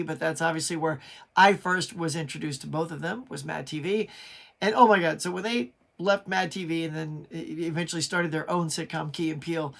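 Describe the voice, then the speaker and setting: A man's voice: high voice, gravelly, a bit bright. Middle-aged man, channel host, casual video review, chatty, enthusiastic, restarts a lot. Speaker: pop culture channel host.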